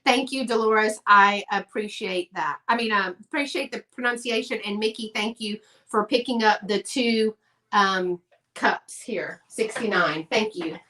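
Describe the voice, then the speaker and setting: A woman's voice: mid-range voice, a little slow, bright, forceful tone. A woman hosting a casual live-stream sale, chatty and gushing over her items.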